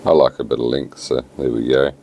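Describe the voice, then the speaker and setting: Talking casually through a fly tying tutorial, this New Zealand-accented man has a rumbling low voice and speaks a little fast. His manner is relaxed and plain, full of fillers, with a slight hiss or hum in the audio.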